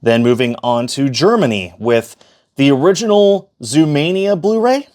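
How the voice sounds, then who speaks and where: A man's voice: medium pitch, expressive, normal speed, a little mellow. A man giving a casual, chatty tour of his disc collection, with fillers and self-corrections as he goes. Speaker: collector showing his shelf.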